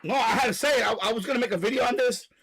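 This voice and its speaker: Very high-voiced man ranting loudly. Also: very fast, creaky, husky, low-quality recording. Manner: loud, profane, repetitive ranting. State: out of breath. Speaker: live stream host. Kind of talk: ranting live stream monologue.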